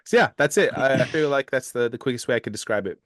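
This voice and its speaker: A man's voice: medium pitch, expressive, fast talker, a bit bright, dry recording, studio quality. A man on a podcast, hesitantly rambling through a description of a show. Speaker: podcast guest. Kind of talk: casual podcast chat.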